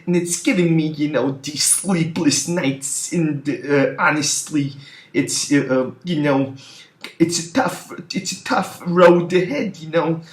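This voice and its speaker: A man doing a weary, deadly serious filmmaker who halts constantly on you-knows. He speaks very slowly, and there is a roomy echo. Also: a little high. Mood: earnest. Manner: halting, full of you-knows. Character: earnest, weary male filmmaker, deeply serious.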